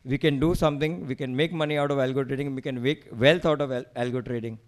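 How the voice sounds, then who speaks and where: A man's voice: mid-range voice, steady tone, fast. A man with an Indian accent giving an emphatic slide presentation to a meetup, rallying the audience with rhetorical questions.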